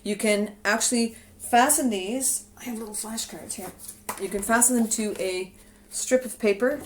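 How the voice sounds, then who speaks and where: A music teacher talking to her own camera in a relaxed, explanatory way, walking teachers through classroom rhythm activities. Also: medium pitch, a little hiss or hum. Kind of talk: instructional video talk. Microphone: camera she films herself with.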